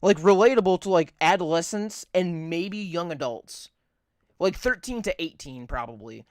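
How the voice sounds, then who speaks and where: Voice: mid-range voice, expressive, normal speed, no room sound, studio quality. A podcast co-host in casual chat, rambling and swearing a lot, repeating points for emphasis.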